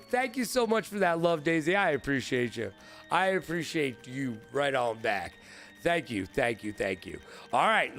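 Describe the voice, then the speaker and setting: A man hosting a live-stream trivia game, excitable and profane, riffing with his chat. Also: fairly high pitch.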